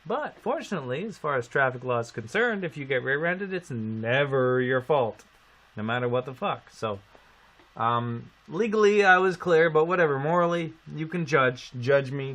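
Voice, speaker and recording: A man from Canada casually telling a story on a live stream, animated and swearing. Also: medium pitch, moderate pace. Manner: animated, swearing storyteller who acts out quotes.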